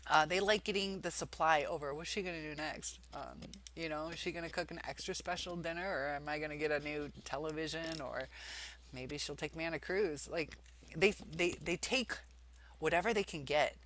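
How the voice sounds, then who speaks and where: A woman's voice: low voice, normal speed, a bit bright, slight background noise. A woman vlogger talking casually about relationships, rambling with many fillers and restarts. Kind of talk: casual advice talk.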